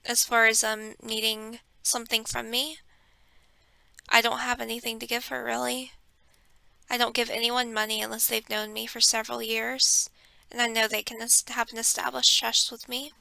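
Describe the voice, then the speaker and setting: A woman talking casually about her life in an airy, breathy voice, soft and halting, sometimes slipping into a whisper. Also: fairly high pitch, little pitch movement, no echo. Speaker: content creator. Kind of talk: casual personal talk.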